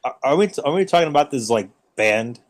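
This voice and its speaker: A man's voice: mid-range voice, lively intonation, fast. A man who teaches, chatting as a podcast guest, telling stories animatedly with casual swearing and bad puns.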